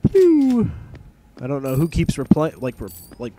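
A man's voice: mid-range voice, fairly quick, noisy background. A young man giving casual, rambling let's-play commentary, swearing freely and getting easily annoyed with the game. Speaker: gameplay commentator.

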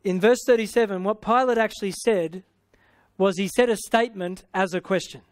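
A man's voice: sits high, a little fast, no room sound, clean studio sound. An Australian man preaching a sermon, punctuating his teaching with hallelujah and amen and paraphrasing scripture playfully.

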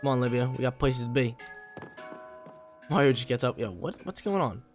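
A young man, a little hoarse, giving laid-back, slangy gameplay commentary with excitable bursts. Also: medium pitch, a little fast, soft background music.

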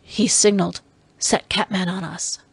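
A woman's voice: fairly low pitch, fairly even intonation, a little slow, vocal fry, breathy edge, no echo, exaggerated voice. Woman reading a weary, wary male captive. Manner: weary and guarded.

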